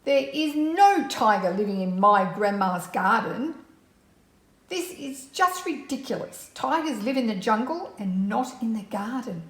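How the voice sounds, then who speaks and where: A woman voicing a feisty, doubting little girl in a storybook, exclaiming in a high, excitable way. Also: a little slow, echoey room. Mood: scoffing.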